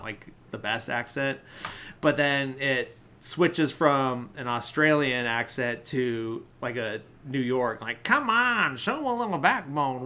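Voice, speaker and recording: A man's voice: mid-range voice, sharp tone. Rambling man recapping a film. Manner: rambling, many filler likes. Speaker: podcast host.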